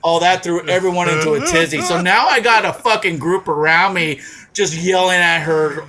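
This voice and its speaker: A man co-hosting a podcast, telling a funny story in a casual, profane way and shouting out the lines he quotes. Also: sits high, normal speed, a crowd in the background. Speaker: podcast co-host.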